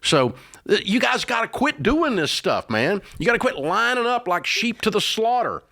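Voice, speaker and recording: A man hosting a call-in advice show, yelling at callers in a blunt, exasperated rant from a radio studio. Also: high-pitched, very animated, normal speed, vocal fry, no room sound. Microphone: studio microphone.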